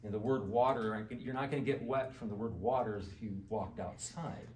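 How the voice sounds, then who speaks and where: A man's voice: mid-range voice, fairly even intonation, brisk, darkish tone, a little hiss or hum. A man giving a casual lecture to a garden club audience, talking conversationally, quizzing the listeners and often saying "you know". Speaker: garden club speaker and author. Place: indoor meeting hall with audience. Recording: echoey hall recorded from far off.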